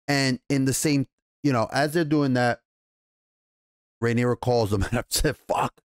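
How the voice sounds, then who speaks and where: A man with a New York accent giving a casual, profane TV episode recap and review, animated and rambling, acting out the characters' lines as he goes. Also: mid-range voice, unhurried, dry recording, studio quality. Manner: animated, profane, loose retelling with acted quotes. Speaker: TV show reviewer.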